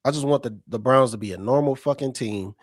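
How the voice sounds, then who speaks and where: A man's voice: mid-range voice, fairly quick, no room sound. Man panelist, vents loosely and curses freely, dry close sound. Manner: venting, profane and rambling with restarts. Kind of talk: casual podcast chat.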